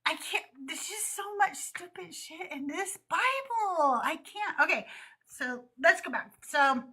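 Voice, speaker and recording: A woman's voice: extremely high pitch, expressive, a little slow, bright, forceful tone. A young woman hosting a live stream, reading scripture aloud and breaking off with laughing, sarcastic asides. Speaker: host of a call-in show.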